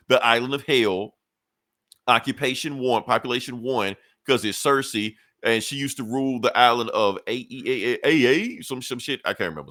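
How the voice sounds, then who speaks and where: A man's voice: medium pitch, bright, forceful tone, no room sound, clean studio sound. A man on a podcast casually retelling a comic book story, loose and profane, laughing often. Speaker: podcast co-host.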